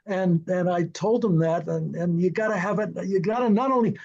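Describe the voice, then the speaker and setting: High-voiced older man telling anecdotes. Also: a little fast, muffled recording. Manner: lively, acts out quoted dialogue, chuckles often. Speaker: film and television director, interview guest. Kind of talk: anecdotal storytelling in an interview.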